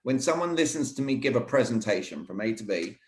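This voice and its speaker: A man coaching on sales technique in an energetic, emphatic way, often saying "all right". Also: mid-range voice, a little fast. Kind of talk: teaching sales techniques in conversation. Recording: roomy echo.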